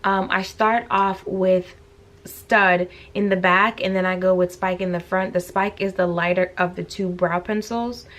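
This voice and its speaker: Filmed by a camera resting at eye level on her bedroom floor, a woman vlogs about her home life, talkative and gushing as she addresses "you guys." She speaks at a measured pace, and her mid-range voice is steady and a bit bright. The room echoes, and a faint hum lingers.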